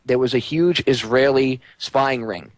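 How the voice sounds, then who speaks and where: Rambling talk-radio host, dry sound. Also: male voice, mid-range voice, a little slow, dry recording. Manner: rambling and conversational, with frequent stammers and fillers. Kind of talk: casual talk radio chat.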